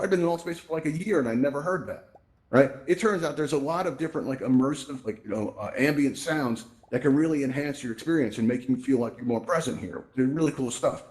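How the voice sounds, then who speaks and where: A man hosting a virtual reality event, telling stories in a casual, animated way and often checking in with "right?", on a VR headset mic. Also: fairly high pitch. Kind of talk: casual live presentation with storytelling.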